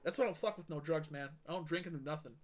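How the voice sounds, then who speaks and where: A man's voice: a little high, racing. A young man streaming a game, telling a long heated story in a casual, profane rant full of fillers and restarts.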